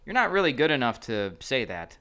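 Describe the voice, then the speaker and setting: Blunt man with a bright voice. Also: medium pitch, big pitch swings, fairly quick, smooth. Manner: blunt, opinionated storytelling. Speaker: podcast co-host. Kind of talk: casual chat.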